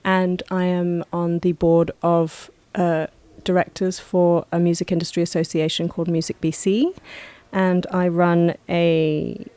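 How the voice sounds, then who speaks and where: A woman's voice: lowish voice, level tone, mellow, smooth, no room sound. Young female guest, easygoing and playful, recorded dry in a studio. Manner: playful, laughs often, does quick silly voices. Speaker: podcast guest, musician and actor. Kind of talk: casual chat. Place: podcast studio.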